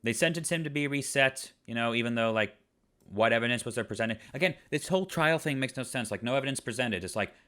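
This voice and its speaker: A man's voice: medium pitch, fast, a bit bright. Exasperated man ranting through a review. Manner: exasperated, repetitive rhetorical questions. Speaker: online reviewer.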